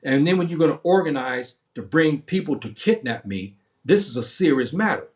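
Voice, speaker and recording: A man's voice: on the high side, expressive, normal speed, darkish tone. Man, 70s, livestream host; impassioned rambling monologue, repetitive, many restarts.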